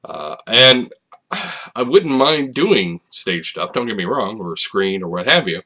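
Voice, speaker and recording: A man's voice: fairly low pitch, sing-song, measured pace, pushed and bright. A man hosting his own channel, talking to camera in a casual late-night ramble, hesitant and full of fillers and restarts. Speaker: video channel host. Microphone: facing a camera.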